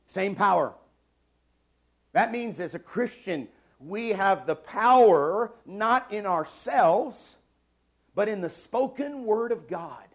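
A man in his forties preaching a sermon in a church, stressing key phrases by repeating them and swinging between loud and soft. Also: sits high, animated, slow. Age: 40s. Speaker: pastor. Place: church sanctuary.

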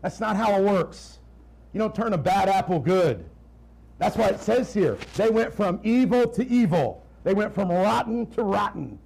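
A man delivers a sermon from the pulpit, his tenor voice riding high above most men's. He slows right down to press each point, then drops into fast, hushed asides to his congregation. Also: creaky, husky, rough recording. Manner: animated preaching, swinging between slow emphatic lines and quiet asides. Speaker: pastor.

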